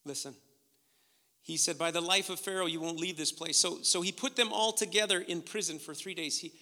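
A man preaching a sermon, retelling scripture and swinging from hushed, intimate lines to loud, emphatic ones. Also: high-pitched, brisk, long reverb tail. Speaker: pastor.

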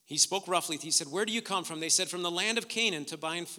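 A man preaching a sermon, retelling scripture and swinging from hushed, intimate lines to loud, emphatic ones. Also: high voice, fast, big-room sound. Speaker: pastor.

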